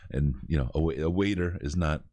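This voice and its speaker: A man hosting a podcast, telling stories in an animated way and laughing as he goes. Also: extremely low pitch, a little fast. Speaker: podcast host. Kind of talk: casual storytelling.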